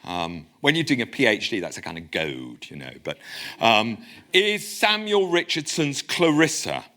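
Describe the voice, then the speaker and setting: A man giving a public lecture in a lecture room. He speaks in a lively, conversational way and drops in wry asides. His voice is bright and swings widely in pitch.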